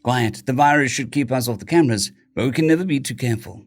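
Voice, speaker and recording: A man voicing a cheerful, brisk young woman who rescues alien abductees. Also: mid-range voice, faint music behind, natural voice.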